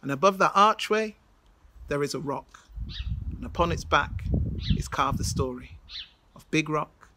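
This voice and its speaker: A storyteller closing a folk tale in slow, measured, rhythmic phrases. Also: male voice, a little high, expressive, background noise.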